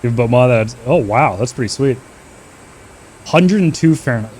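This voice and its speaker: A man's voice: mid-range voice, moderate pace, pauses often, a little mellow, slight background noise. A man streaming a flight simulator, trading loose, profane banter with his chat and making short radio calls to teammates.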